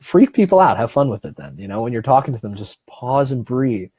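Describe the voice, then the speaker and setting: A man speaking in a warm, mellow voice as he leads a relaxed self-help seminar. He talks to the audience directly and encouragingly, with plenty of restarts and slowed-down emphasis. The sound is dry and close, with no room echo. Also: medium pitch, slightly rough. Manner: conversational and encouraging, with frequent restarts and slow, deliberate stretches. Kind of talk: casual seminar talk.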